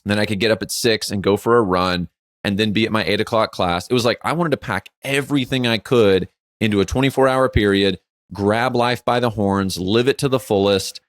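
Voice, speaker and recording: Animated storyteller man with low voice. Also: fairly quick, dry recording, clean studio sound. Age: 40s. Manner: animated storyteller who acts out quotes; frequent filler "like". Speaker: podcast co-host. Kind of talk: casual chat.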